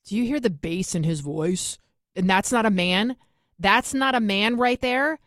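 A woman hosting an opinionated commentary show, talking emphatically and repeating her points, her pitch rising when she gets heated. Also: unhurried, a bit bright, no room sound, studio quality. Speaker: talk show host.

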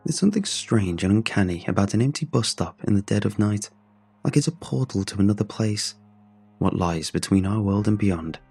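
Husky man narrating a horror story. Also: lowish voice, lively intonation, darkish tone. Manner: measured and brooding, with drawn-out pauses. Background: faint music.

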